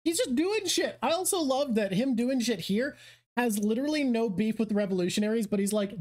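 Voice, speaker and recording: A woman's voice: a little high, expressive, a little fast, darkish tone. A woman co-hosting a casual chat about an anime, blunt and wry, swearing freely.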